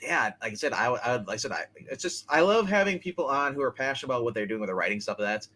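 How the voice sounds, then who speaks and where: A man's voice: medium pitch, expressive, fast talker, pushed and bright. A man hosting a casual live-stream chat about comics, stammering and restarting his sentences, laughing often. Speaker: host.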